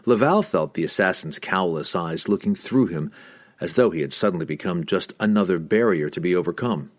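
A man narrates a fantasy novel in a low, husky voice. His pitch moves lively through each sentence, and the reading stays steady and expressive. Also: fairly quick. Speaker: audiobook narrator.

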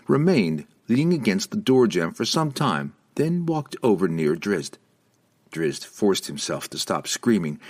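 Deep-voiced, dramatic male narrator. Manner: dramatic, expressive reading. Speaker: audiobook narrator. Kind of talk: scripted fantasy audiobook narration.

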